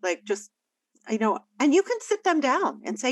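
Calm woman giving parenting advice. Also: high voice, normal speed, dry recording, low-quality recording. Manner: calm, explanatory, often asks "right?" and "you know?". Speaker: parenting coach. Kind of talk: advice conversation.

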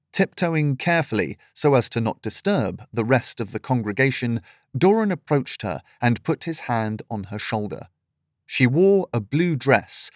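A man reading a fantasy story aloud in steady, measured scripted narration. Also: medium pitch, no room sound, clean studio sound.

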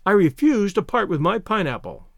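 A man reading a story aloud, voicing a lively young society woman who teases with a bright, airy manner. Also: sits high, moderate pace, no room sound, studio quality, full character voice. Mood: teasing. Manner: bright, airy, playfully teasing.

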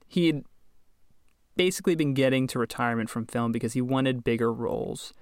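A man's voice: medium pitch, fairly quick, no room sound. Chatty wry man, dry close mic. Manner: chatty, wry, laughs often. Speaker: podcast host. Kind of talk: casual storytelling chat.

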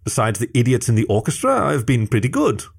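A man's voice: medium pitch, huge pitch swings, brisk, creaky, husky, heavily acted. A man voicing a friendly, slightly nervous young male badger in a read-aloud furry story, chatty and eager.

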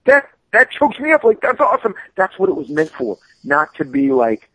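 A man on a podcast as a guest, telling stories about his work in a lively, animated way, full of stammered restarts. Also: high-pitched, normal speed, breathy edge, no room sound, rough recording. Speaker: podcast guest, comic artist. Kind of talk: casual storytelling.

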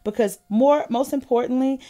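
A young woman from California hosting a casual podcast chat, sassy and animated, laughing often and swinging between loud claims and low asides. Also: moderate pace. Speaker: podcast host.

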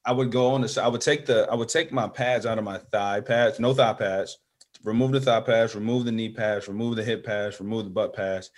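A man with a low voice tells a story in an interview. He is animated and acts out the voices of his friends as he goes. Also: fairly quick. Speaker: guest.

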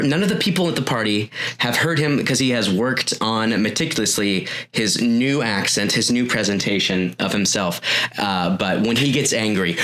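A man's voice: mid-range voice, moderate pace. A man casually improvising a rambling backstory as a podcast co-host, correcting himself as he goes. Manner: rambling, animated, self-correcting.

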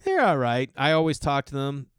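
A man, a comedian, telling a long casual story in a profane, animated way and acting out the people he quotes. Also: medium pitch, moderate pace, smooth, no room sound, studio quality.

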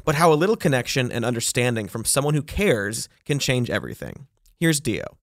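A man's voice: mid-range voice, sing-song, brisk, vocal fry, slight background noise. A man podcast host giving earnest scripted narration.

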